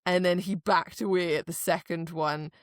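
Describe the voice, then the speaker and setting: A woman co-hosting a casual book podcast, animated and acting out characters' lines as she retells the story. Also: on the low side, moderate pace, dry recording, clean studio sound. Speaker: podcast co-host. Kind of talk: casual book-club chat.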